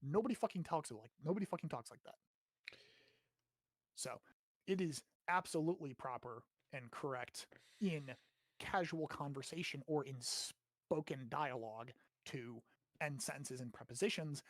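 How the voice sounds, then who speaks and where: A man's voice: a little high, normal speed, no room sound. American guy teaching grammar, casual and chatty, keeps asking right?, dry close sound. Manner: chatty and explanatory, with frequent "right?" checks and some swearing. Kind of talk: casual spoken grammar lesson.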